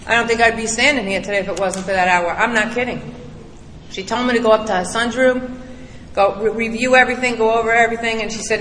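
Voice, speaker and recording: A middle-aged recovery speaker gives a candid, emphatic testimony to a crowd, telling her story bluntly. Her fairly high, bright voice is fast and steady in tone, picked up by a distant mic in an echoey large hall with slight background noise.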